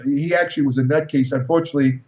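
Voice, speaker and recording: A man's voice: fairly high pitch, steady tone, rapid-fire, darkish tone. Rambling older man telling anecdotes. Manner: rambling storyteller with many restarts. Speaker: podcast guest. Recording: distant roomy dull recording.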